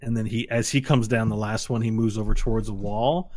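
A man's voice: lowish voice, fairly even intonation, fairly quick, darkish tone. A man narrating as game master, describing scenes loosely with frequent filler phrases.

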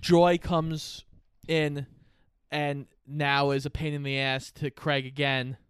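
A co-host in casual chat, calmly summarizing movie plot points. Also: mid-range voice, slow, clean tone, dry recording, clean studio sound. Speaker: podcast co-host.

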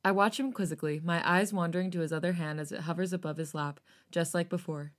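Woman reading a story aloud, then excitable. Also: on the low side, fast. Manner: soft reading voice, turns loud and laughing when flustered. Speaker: podcast co-host reading fan fiction. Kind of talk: reading aloud with casual chat.

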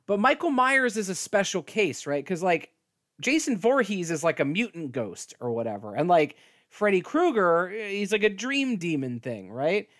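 A man co-hosting a podcast, talking about a movie in an animated, playful way, often laughing and asking questions. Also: sits high, normal speed. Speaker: podcast co-host. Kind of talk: casual movie discussion.

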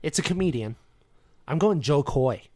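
A young man co-hosting a podcast, chatting casually with quick, joking banter. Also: on the high side, animated, warm tone. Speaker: podcast co-host. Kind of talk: casual chat.

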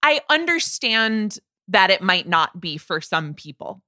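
A woman's voice: mid-range voice, sing-song, measured pace, pushed and bright, no room sound, clean studio sound. A woman co-hosting a podcast, chatting casually and playfully about an album, laughing now and then. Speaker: podcast co-host. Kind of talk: casual music discussion.

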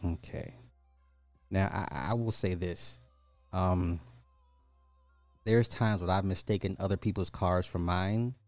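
A man's voice: low-pitched, a little mellow, dry recording. A man hosting a podcast, reading news stories aloud and adding mocking asides in a casual way. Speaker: podcast host. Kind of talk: casual social commentary.

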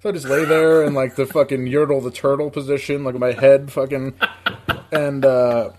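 A man's voice: mid-range voice, flat delivery, normal speed, a little mellow, a little hiss or hum. Profane rambling male storyteller. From upstate New York. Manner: profane, rambling, laughs while telling. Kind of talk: casual storytelling.

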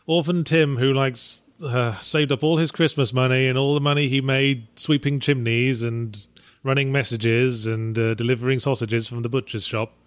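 An English man with an English accent talks in a deadpan way on a casual podcast. His voice is mid-pitched and recorded close and dry. He keeps a straight face through absurd tangents. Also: normal speed, dry recording. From England. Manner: deadpan, spins absurd stories. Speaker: podcast co-host. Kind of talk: casual chat.

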